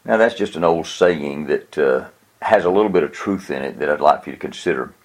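A preaching instructor with a rumbling low voice speaks fairly quickly. His teaching talk on how to preach is earnest and plain-spoken, with an occasional chuckle.

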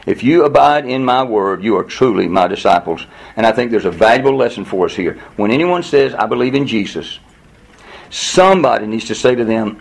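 A man's voice: on the low side, lively intonation, brisk, creaky, breathy edge, rough recording. A man teaching verse by verse through a Bible passage in a conversational way, reading the verses aloud and then explaining them. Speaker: pastor teaching a Bible study.

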